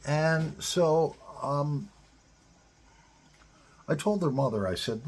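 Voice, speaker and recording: A man's voice: a little high, expressive, slow pace, pauses often, darkish tone. A middle-aged man giving blunt, profane advice straight to other men in a casual monologue. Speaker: advice-giver to divorced fathers.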